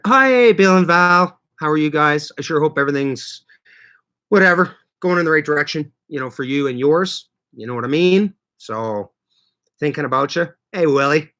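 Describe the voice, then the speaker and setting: A man's voice: mid-range voice, sharp tone. A man chatting casually on a livestream, rambling easygoing and laughing often as he greets viewers by name. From Canada. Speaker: livestream host.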